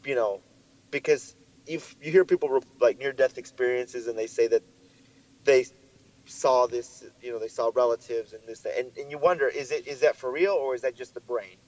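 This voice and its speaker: A young man co-hosting a podcast, telling a story in a lively way and swearing often, his voice jumping up when he gets worked up. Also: mid-range voice, moderate pace, poor audio. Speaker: podcast co-host. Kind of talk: casual chat.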